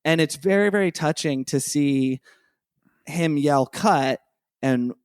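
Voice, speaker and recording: A man's voice: on the high side, takes it slowly, clean tone, no room sound, studio quality. A man co-hosting a casual podcast, rambling enthusiastically with lots of fillers. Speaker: podcast co-host.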